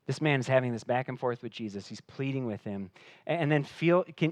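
A man preaching a sermon in an earnest voice that climbs for emphasis and sinks low and quiet. He often repeats words as he restarts a thought. His voice is of middle pitch, recorded dry and close. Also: no room sound. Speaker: pastor.

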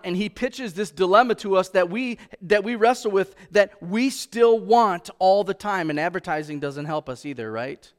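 A man with a fairly high voice preaches a sermon to a church congregation. He speaks conversationally and keeps asking the room questions. He slows right down when he quotes scripture. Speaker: pastor.

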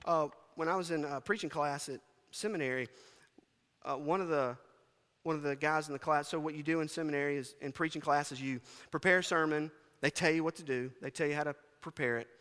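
A male pastor preaching a sermon with passion, rising to shouts and dropping to quiet asides. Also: fairly high pitch, fairly even intonation, brisk, smooth. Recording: long hall reverb.

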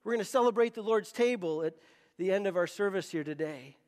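A man's voice: high-pitched, lively intonation, a little fast, darkish tone, in a large hall. A man preaching a sermon as pastor, emphatic and often repeating words as he presses a point.

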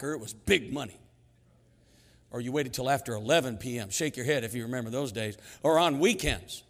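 A man in his sixties preaching a sermon, telling stories in a lively, humorous way that swings between hushed and loud. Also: mid-range voice. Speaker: pastor. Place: church sanctuary. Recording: long hall reverb in sanctuary.

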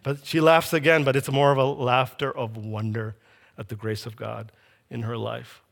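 A man's voice: medium pitch, little pitch movement, normal speed, gravelly, a bit bright. A man preaching a sermon, telling a scripture story with animation and acting out the quoted lines.

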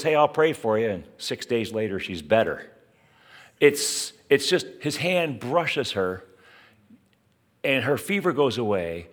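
Brief: a conversational male preacher, expressive and lively, mid pitch, talking straight to the congregation. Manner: animated, conversational preaching with asides to listeners. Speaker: pastor. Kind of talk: sermon.

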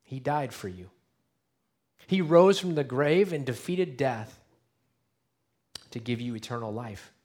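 A man preaching an Easter sermon as pastor, earnest and direct, dropping to a hush and then rising to emphatic appeals. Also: mid-range voice, lively intonation, slow pace, pauses often. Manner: earnest, dynamic swings between hushed and emphatic. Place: church sanctuary.

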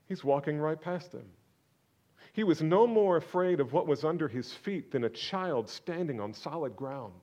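Slow, dramatic preaching man. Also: a little high. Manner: swings from loud exclamations to hushed near-whispers. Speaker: pastor. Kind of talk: sermon.

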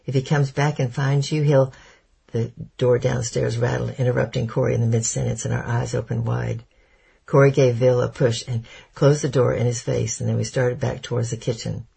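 A man narrating a chapter of an audiobook in a steady, measured storytelling manner. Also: medium pitch, creaky, husky. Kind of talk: scripted narration.

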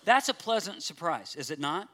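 A man's voice: on the high side, big pitch swings, normal speed, a bit bright. A man preaching a sermon in a joking, conversational way, acting out the audience's reactions. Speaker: pastor.

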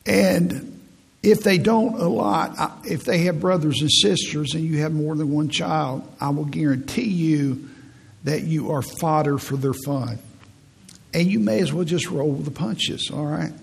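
A man in his fifties with a raspy voice, preaching a folksy, humorous sermon as a pastor. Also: fairly high pitch, measured pace, long reverb tail. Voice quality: raspy, gravelly. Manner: storytelling, humorous, laughs at own stories.

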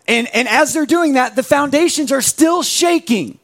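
A young adult man preaching a sermon with a gravelly voice, animated, acting out other voices as he tells the story. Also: extremely high pitch, moderate pace. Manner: animated, acts out voices of biblical figures. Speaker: pastor.

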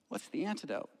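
Pastor preaching in an echoing hall. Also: male voice. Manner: storytelling, swings from loud to hushed. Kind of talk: sermon. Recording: long hall reverb.

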